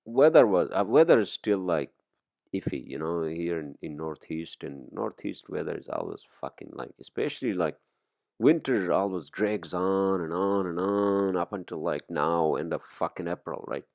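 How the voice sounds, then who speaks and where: A man talks through a loose solo podcast monologue, rambling and swearing freely between fillers. His voice sits very low with a gravelly fry, and the recording is dry and close. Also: animated, moderate pace, a little mellow, no echo. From immigrant to the US. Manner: rambling, profane, many fillers. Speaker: podcast host. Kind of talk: casual monologue.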